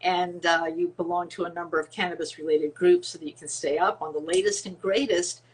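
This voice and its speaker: A middle-aged woman hosting a live online session, greeting viewers by name and interviewing a guest in a casual, excited way. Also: lowish voice, a little fast. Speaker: webinar host.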